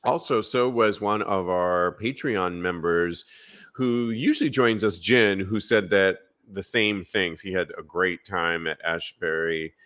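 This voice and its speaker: A man's voice: low voice, measured pace, fairly bright tone. A man from San Francisco hosting a live podcast, upbeat as he reads listener emails and announcements. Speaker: podcast host.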